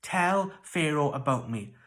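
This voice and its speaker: A children's church storyteller voicing Joseph, a kind, calm young prisoner, in a gentle, reassuring way. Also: mid-range voice, measured pace.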